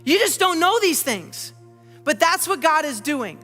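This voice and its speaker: A high, bright-voiced pastor delivers an earnest sermon full of personal asides and rhetorical questions. The voice rings out in a church hall with long reverb, and soft music plays underneath. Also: big pitch swings, measured pace. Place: church auditorium.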